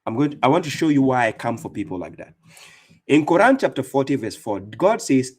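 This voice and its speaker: A man's voice: mid-range voice, sing-song, brisk, a little mellow, husky. A man giving fierce, mocking religious commentary as an Islamic debater and streamer, speaking with heavy emphasis.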